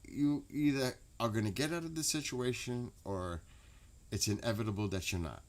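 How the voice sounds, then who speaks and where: A man's voice: medium pitch, moderate pace. A man, chatting casually and profanely to his late-night stream audience. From New York. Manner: rambling, profane, laughs loudly.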